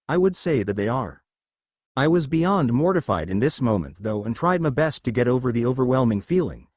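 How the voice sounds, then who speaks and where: A man narrates first-person fan fiction in a steady storytelling voice. His pitch sits in the middle range and moves in lively contours. The recording is close-miked with no room sound.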